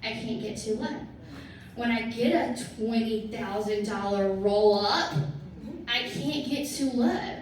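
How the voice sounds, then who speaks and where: Woman, motivational team talk, emphatic and preachy, slightly high voice, far from the mic, very echoey room. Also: slow, slight background noise. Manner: emphatic, preachy, repeats lines for effect. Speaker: sales team partner speaking to her team. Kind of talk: motivational talk to a live audience.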